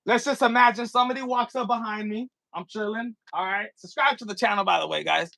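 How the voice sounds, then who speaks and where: A man with a high, bright, edgy voice rants to his viewers in loose street slang, cursing freely. The sound is close and dry, with no room around him. He acts out the scene as he talks. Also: brisk, creaky, no room sound. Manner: acts out scenes with props while talking. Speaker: vlogger. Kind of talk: casual commentary rant.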